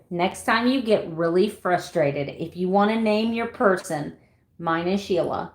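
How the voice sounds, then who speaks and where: A woman's voice: lowish voice, a little slow. Chatty woman in her 50s, echoey room. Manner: chatty, laughs often, reads out viewer names. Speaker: keto vlogger. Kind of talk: casual livestream chat with viewers. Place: home room.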